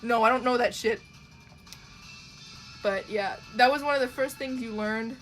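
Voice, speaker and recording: A woman's voice: fairly high pitch, normal speed, fairly bright tone, soft background music. A young woman from Canada streaming from home while she draws, chatting with her viewers in a loose, profane, rambling way with frequent laughs. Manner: chatty, profane, laughs often, trails off with ums. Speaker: livestreamer drawing and reading chat. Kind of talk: casual chat.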